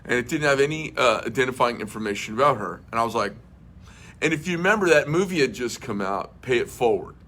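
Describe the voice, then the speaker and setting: A man's voice: mid-range voice, expressive, fast, bright, forceful tone. A middle-aged man hosting a casual livestream chat, a rambling storyteller who swears bluntly and fills with many uhs and restarts. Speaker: host.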